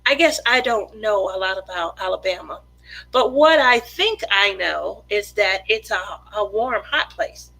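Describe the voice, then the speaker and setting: A woman's voice: mid-range voice, expressive, unhurried, creaky, sharp tone, rough recording. A craft channel host, a woman, chatting casually on a live stream and reading viewer comments, giggly and laughing often.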